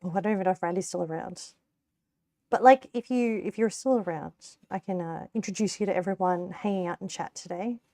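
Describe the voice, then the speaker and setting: A woman's voice: lowish voice, a little fast, mellow, dry recording, studio quality. A young Australian woman streaming while she cooks, chatting casually and rambling, with frequent laughs and casual swearing. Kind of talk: casual live-stream chat while cooking.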